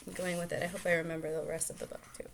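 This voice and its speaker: A woman reading a children's storybook aloud as a storytelling aunt, lively, stopping for chatty asides and quick self-corrections. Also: on the low side, creaky, noisy background. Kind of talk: reading a picture book aloud.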